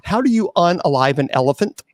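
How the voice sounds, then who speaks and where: A man hosts a casual call-in show in a playful, teasing way, stammering and circling back on his words. His voice swoops up and down with lively pitch, and the sound is close and dry with no room around it. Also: brisk, no echo. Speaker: host. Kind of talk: casual phone-in chat, quizzing a caller.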